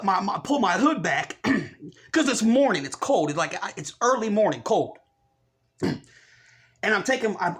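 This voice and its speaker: A man's voice: sits high, fairly bright tone. A man vlogging an angry, heated rant to his viewers, profane and repeating himself.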